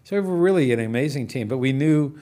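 A man guest in an interview, a business investor casually telling animated stories, chuckling and restarting his sentences as he goes. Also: mid-range voice, fast talker.

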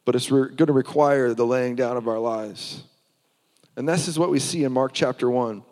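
A man's voice: mid-range voice, normal speed, darkish tone. A man preaching a sermon in a church, telling a story earnestly and often restarting his words. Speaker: pastor. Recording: long hall reverb.

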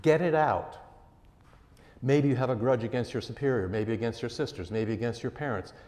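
A man, a pastor, preaching a sermon earnestly and emphatically, his voice rising and falling in loudness. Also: mid-range voice, fairly quick, in a large hall.

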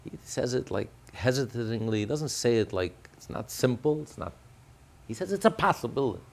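A man's voice: mid-range voice, big pitch swings, brisk, vocal fry. A man explaining a religious text in a class, emphatic, often repeating and restarting his phrases. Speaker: religious teacher.

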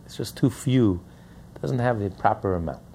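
Male torah teacher, low voice, gravelly, repetitive lecture style. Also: expressive, moderate pace, dark tone, slight background noise. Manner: repetitive, rhetorical questions. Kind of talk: lecture on a Hasidic text.

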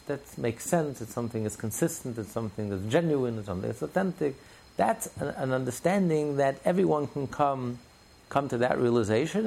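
A Torah teacher leads a religious text class, explaining a passage through repetitive, list-like phrases that build on each other. His voice is a little high, gravelly, husky and warm.

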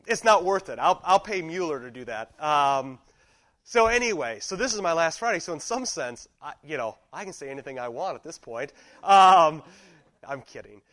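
A man's voice: fairly high pitch, fairly bright tone, poor audio. A man, a teacher in his thirties, chatting casually to a class, rambling through anecdotes and cutting himself off mid-sentence. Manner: rambling, anecdotal, self-interrupting.

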